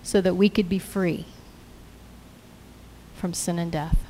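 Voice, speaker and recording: A woman's voice: on the low side, fairly even intonation, slow, warm tone, a little hiss or hum. A woman preaching a sermon in an earnest way, repeating scripture lines as declarations.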